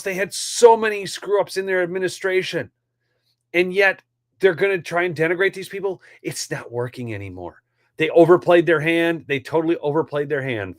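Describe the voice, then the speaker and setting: A male host delivering live political commentary in a heated, ranty way, talking straight to his viewers. His voice is mid-pitched and the sound is dry and close, with no room around it. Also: no room sound. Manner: ranty, heated, addresses audience as folks.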